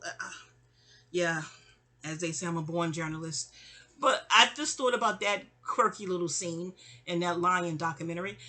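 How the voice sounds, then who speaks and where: A woman tells a personal story in a rambling, casual storytime style, repeating and restarting words and acting out what other people said. Her voice is fairly low, pushed, and bright, at a normal speed.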